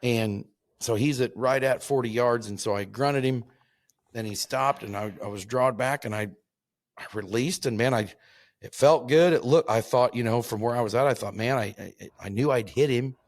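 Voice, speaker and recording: A man, hosting a hunting show, telling a hunting story in a rambling, halting way, with many restarts. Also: medium pitch, dry recording. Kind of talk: casual storytelling.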